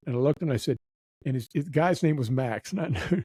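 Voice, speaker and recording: A man's voice: a little high, normal speed, mellow, husky, no room sound, poor audio. A man telling a long story in casual chat, acting out the people he quotes. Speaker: nightclub manager telling stories.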